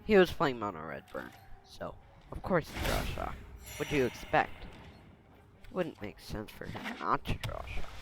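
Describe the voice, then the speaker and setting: A man giving casual, joking commentary while playing a card game, sarcastic and quick to laugh at himself. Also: lowish voice, huge pitch swings, gravelly, noisy background. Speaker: gaming video host.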